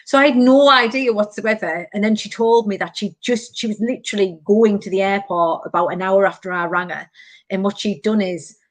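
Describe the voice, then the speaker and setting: A woman's voice: medium pitch, brisk, no room sound. Chatty woman, dry sound. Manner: animated storytelling, many fillers. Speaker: podcast host. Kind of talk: casual chat.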